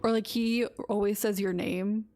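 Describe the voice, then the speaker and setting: A woman's voice: medium pitch, steady tone, moderate pace, a little mellow, soft background music. A woman streaming a game, chatting casually with lots of "like" and reading dialogue lines aloud.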